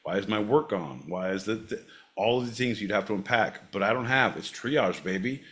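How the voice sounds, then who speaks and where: A man's voice: on the low side, normal speed. A man co-hosting a podcast, talking in casual banter, swearing a lot and acting out angry rants. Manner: profane, animated, acts out rants in character. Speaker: podcast co-host.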